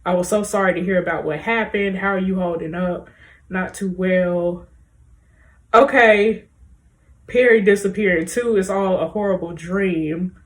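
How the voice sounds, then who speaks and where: A woman doing let's play commentary, reading in-game messages aloud and talking straight to her viewers in a lively, chatty way. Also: lowish voice, a little slow. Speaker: gaming video creator.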